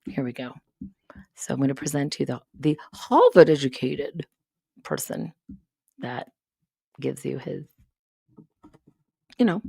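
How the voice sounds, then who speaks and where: A woman live-streaming a casual monologue, sarcastic and rambling, swearing often and breaking into quick asides. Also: low-pitched, gravelly, a little mellow, slightly rough, no echo, clean studio sound. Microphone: studio mic up close.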